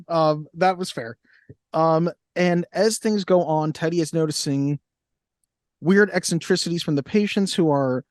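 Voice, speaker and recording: A man's voice: a little high, no echo. Laughing man recapping a movie, dry mic. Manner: laughing often, loose recap with fillers. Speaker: podcast co-host. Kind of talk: casual movie podcast chat.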